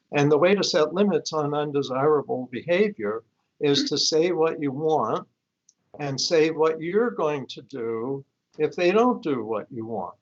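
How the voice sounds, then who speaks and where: Older man, calm explainer, slightly high voice, muffled lo-fi stream sound. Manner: calm, explanatory, tells case stories. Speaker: guest expert on high-conflict divorce. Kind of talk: live-streamed interview answers. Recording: dull lo-fi stream audio.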